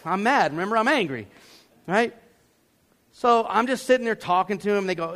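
A man from Georgia, preaching a sermon as a pastor, telling a story with animated acted-out voices. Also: high-pitched, moderate pace, pauses often. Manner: animated, acts out voices and yells for effect.

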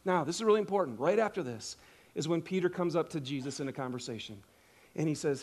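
Male pastor, high voice, animated storyteller, casual sermon delivery. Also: fast. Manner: animated storytelling, acts out quotes, casual asides.

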